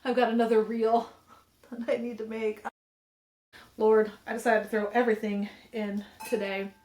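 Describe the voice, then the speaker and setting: A woman co-hosting a casual chat podcast, easygoing and quick to laugh. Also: on the high side, level tone, darkish tone. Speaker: podcast co-host. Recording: roomy echo.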